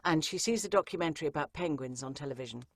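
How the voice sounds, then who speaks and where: A woman audiobook narrator answering interview questions in a chatty, lively way, with frequent ums and asides. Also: low-pitched, quick pace, no echo, studio quality.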